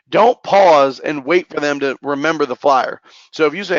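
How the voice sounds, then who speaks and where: A man running a sales training session and role-playing calls, talking in a quick, energetic way. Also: on the high side, no room sound. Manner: energetic, fast-talking, caffeinated. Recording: muffled lo-fi dry recording.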